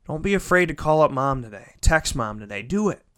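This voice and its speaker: A man's voice: on the high side, sing-song, a little fast. Emphatic man giving a heartfelt pep talk. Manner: emphatic, repeats phrases for stress; swings between loud pushes and soft near-whispers. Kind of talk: heartfelt motivational monologue.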